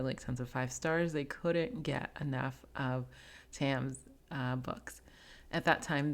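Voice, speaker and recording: Low-voiced chatty woman host. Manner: chatty, laughs often, many fillers. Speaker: podcast host. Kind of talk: casual interview chat.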